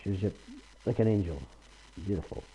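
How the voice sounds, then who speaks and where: A storyteller recounts a handed-down folk tale in a homely, unhurried way, full of "he says." His voice is low, dark and mellow, with a husky grain. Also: rough recording. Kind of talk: oral folk-tale telling.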